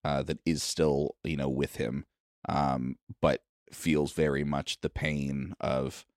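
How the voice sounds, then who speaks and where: A man running a tabletop game as game master, narrating in an animated, loose and chatty way. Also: extremely low pitch, takes it slowly, dry recording, studio quality.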